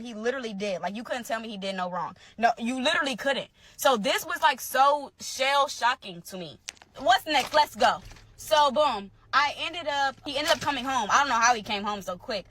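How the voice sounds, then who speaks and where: High, bright young woman telling a story. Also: no room sound. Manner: animated, emphatic, repeats phrases. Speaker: storyteller in a social media clip. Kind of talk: casual storytelling to followers.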